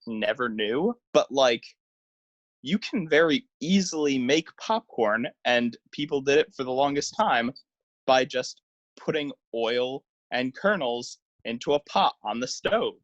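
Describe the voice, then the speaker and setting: A man's voice: mid-range voice, fairly bright tone, no echo. Rambling young man, casual podcast chat. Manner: rambling, hesitant with restarts and "like". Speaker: podcast co-host.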